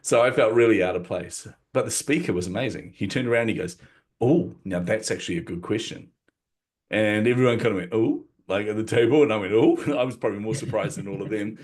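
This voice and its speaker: Middle-aged guy on a podcast, deep low voice, animated storytelling, laughs at himself. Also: quick pace, hardly any pauses. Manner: animated, acts out quotes, self-deprecating laughs. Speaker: podcast guest. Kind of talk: storytelling in conversation.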